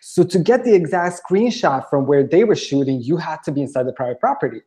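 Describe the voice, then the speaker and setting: A man's voice: fairly high pitch, animated, a little fast, dark tone. A man chatting casually on a podcast, telling an anecdote with lots of "you know" fillers and acted-out quotes. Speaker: podcast guest. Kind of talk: casual storytelling chat.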